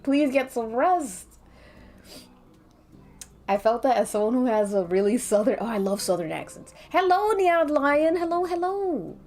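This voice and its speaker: A woman's voice: sits high, animated, a little slow, a little mellow. A woman with a light Latina accent, chatting casually with her stream chat in a playful, talkative way. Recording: faint background music.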